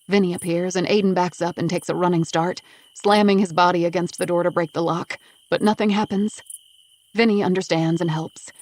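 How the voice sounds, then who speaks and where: A woman's voice: on the low side, a little mellow. A woman narrating a first-person audiobook with an intense, emotional delivery.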